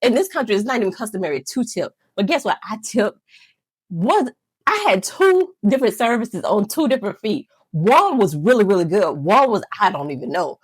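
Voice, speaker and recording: A woman's voice: mid-range voice, sing-song, moderate pace, breathy edge, no room sound. A woman vlogger telling a rambling, self-mocking story to camera, laughing often. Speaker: nail channel vlogger.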